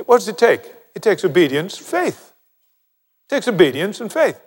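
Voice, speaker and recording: An older man preaching a sermon, animated, acting out conversations as he tells the story. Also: high-pitched, normal speed. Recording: long reverb of a large hall.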